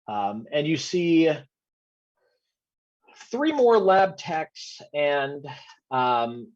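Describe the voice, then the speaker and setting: A man narrating a tabletop game as game master, hesitant, with many pauses and ums while describing scenes. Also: fairly high pitch, big pitch swings. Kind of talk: narrating a tabletop game over video call. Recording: dull lo-fi audio.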